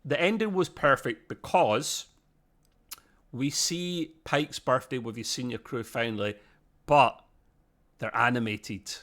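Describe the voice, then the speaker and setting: A man's voice: medium pitch, slow, pauses often, a bit bright. A man co-hosting a podcast, talking through a review in a casual, rambling way that often digresses. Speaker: podcast co-host.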